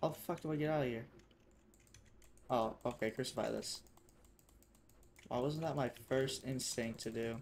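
A man giving casual, profane commentary while playing a game, swinging between mutters and excited shouts. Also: medium pitch, measured pace, long pauses, slight background noise. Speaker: gamer.

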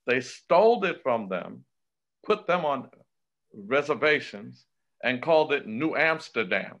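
A man's voice: mid-range voice, animated, unhurried, fairly bright tone. A man speaks with emphatic, declamatory passion, testifying as a state assembly member. His mid-range voice comes through a muffled, lo-fi remote call feed. He punches key phrases with rising force. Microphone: remote video call. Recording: dull lo-fi remote call audio.

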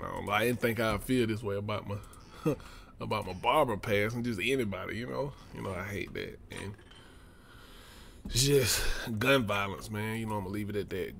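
A man's voice: on the low side, creaky, fairly bright tone, slight background noise. A man with a Southern US accent, chatting casually and drawling while playing a survival game on his channel. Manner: laid-back, chatty, drawling. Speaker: let's play gamer. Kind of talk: casual gaming commentary.

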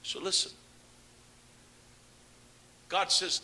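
A man preaching a fiery Pentecostal sermon, moving between shouted proclamations and low, chatty asides and calling out to his congregation. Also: lively intonation, moderate pace, slight background noise. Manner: calls out to the congregation.

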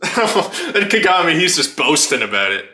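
A man hosting a casual anime reaction, excitable, laughing often and swearing freely as he watches. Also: fairly high pitch, normal speed. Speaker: anime reaction channel host. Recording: roomy echo.

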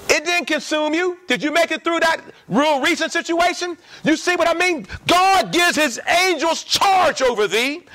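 High-voiced emphatic male preacher. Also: sharp tone. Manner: emphatic, repeats lines, asks the congregation questions. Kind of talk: sermon. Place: church.

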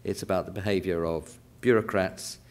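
A man in his sixties with a West London accent speaks in a fairly low voice. He lectures deliberately, restating key phrases and pausing on fillers as he explains. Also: fairly even intonation. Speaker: panel chair. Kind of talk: academic lecture. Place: lecture theatre.

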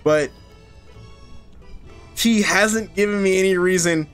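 A young man chats casually while playing a horror game, joking and riffing on the dialogue. His voice sits high, with faint game music in the background. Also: takes it slowly, a bit bright. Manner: joking, reads game lines aloud in playful voices. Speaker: gaming streamer. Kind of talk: casual let's play commentary.

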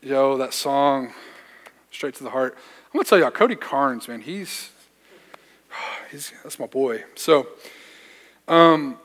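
Preaching in a church sanctuary, where the hall adds reverb, a young man serving as youth pastor speaks in a medium-pitched, slightly bright voice. He shares a personal story in relaxed slang, poking fun at himself.

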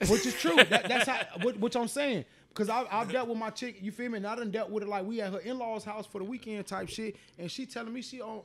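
A man co-hosting a podcast, bantering crudely and loudly, repeating lines for emphasis. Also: high-pitched, quick pace, few pauses. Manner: loud, boastful, repeats himself for emphasis. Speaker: podcast co-host.

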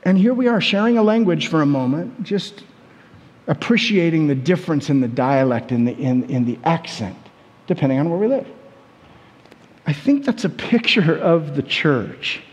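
A man with an American accent preaching a sermon as a pastor, telling stories in a conversational, animated way with many repetitions. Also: fairly high pitch, normal speed, in a large hall. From United States.

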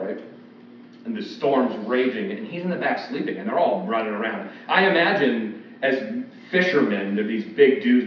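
A man's voice: medium pitch, a little hiss or hum. A man preaching an expository sermon in a loose, conversational way, acting out quoted voices. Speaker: pastor. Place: church sanctuary. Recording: echoey, distant, dull church recording.

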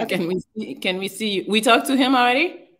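A woman's voice: on the high side, moderate pace, fairly bright tone. A woman hosting a live call-in chat, who laughs often and teases her guests. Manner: laughing, teasing. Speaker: host.

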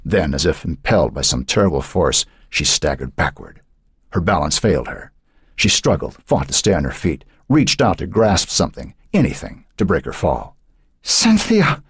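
A man narrating a horror novel in a measured, dramatic way. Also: a bass voice, sing-song, breathy edge, dry recording, clean studio sound. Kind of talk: audiobook narration.

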